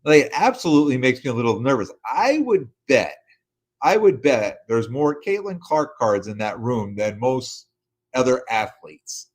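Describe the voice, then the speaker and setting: A man's voice: mid-range voice, big pitch swings, normal speed. A middle-aged man hosting a podcast, giving a casual, rambling recap full of fillers and restarts. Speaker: podcast host.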